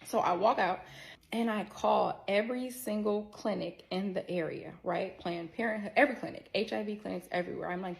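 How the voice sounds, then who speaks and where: A woman tells a personal story to her viewers in a chatty, expressive way. Her voice carries a gravelly vocal fry and sits at a middle pitch. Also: fairly quick. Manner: works in healthcare. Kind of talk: casual story-time monologue.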